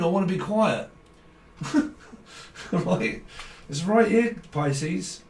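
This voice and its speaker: A man's voice: sits high, animated, a little slow, pauses often. A man giving a casual tarot reading, swearing, ranting and laughing often. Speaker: tarot reader. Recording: roomy, distant from mic, faint background noise.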